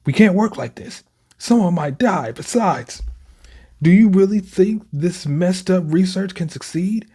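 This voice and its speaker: A man squeaking out a frantic overworked scientist. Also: animated, a little slow, warm tone. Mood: panicked. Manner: pleading, strained.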